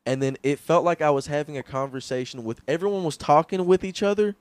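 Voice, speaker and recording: A young man co-hosting a podcast, talking in a halting way that keeps searching for words, with casual swearing. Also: fairly high pitch, no echo. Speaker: podcast co-host. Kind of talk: casual chat. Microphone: studio microphone.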